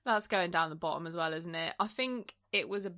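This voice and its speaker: Giggly bright-voiced woman. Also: fairly low pitch, fairly quick. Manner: giggly, laughs often, swears casually. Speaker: podcast co-host. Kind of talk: casual chat.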